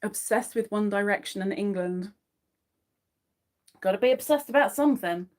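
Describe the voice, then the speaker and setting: A woman's voice: mid-range voice, moderate pace, a little mellow. A woman hosting a crochet livestream, chatting casually with viewers and murmuring her stitch counts while she works. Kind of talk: casual chat to a live audience while crocheting.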